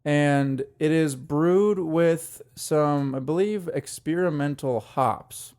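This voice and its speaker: A man's voice: a little high, slow, darkish tone, smooth. Easygoing man in podcast banter. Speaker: podcast co-host. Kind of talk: casual chat.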